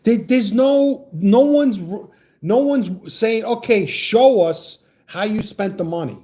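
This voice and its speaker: A man's voice: high voice, takes it slowly, mellow. A man hosting a livestream, ranting heatedly about politics and greeting chat viewers with profane, stammering restarts. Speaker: livestream host reading chat.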